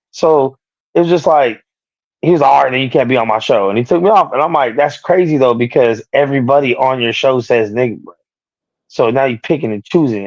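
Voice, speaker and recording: A man's voice: medium pitch, darkish tone, dry recording. A man on a livestreamed boxing talk show, ranting profanely about a feud and raising his voice when he quotes others. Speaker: streamer co-host. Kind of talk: heated casual chat. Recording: dry, muffled stream audio.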